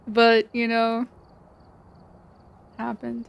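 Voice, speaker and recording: Woman gaming streamer, chatty commentary, hoarse cracking voice, a bit high. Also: monotone, extremely slow. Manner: chatty, explains game mechanics to viewers.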